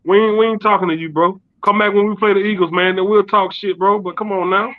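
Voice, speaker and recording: A man's voice: sits high, fairly even intonation, fast talker. A man co-hosting a casual sports talk show with laid-back, slangy banter. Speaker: co-host. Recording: tinny phone-like call line.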